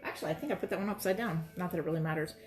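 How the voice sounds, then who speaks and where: A woman's voice: on the low side, racing, music in the background. A woman teaching quilting in a casual demonstration, chatty and reassuring as she talks while she works at her sewing station. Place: sewing room, moving between workstations.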